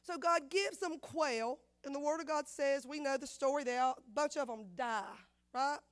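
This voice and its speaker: A woman preaching a sermon, repeating phrases and acting out the voices in her story, swinging from loud to hushed. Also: high-pitched, normal speed. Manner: dramatic swings of loudness, acts out quotes, repeats phrases.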